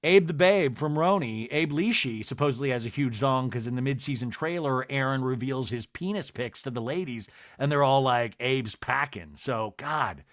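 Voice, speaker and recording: A man's voice: medium pitch, normal speed, hardly any pauses, no echo, studio quality. A man hosting a comedy podcast, recapping a reality show in a gossipy, dramatic way and mimicking the people in it. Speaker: podcast host.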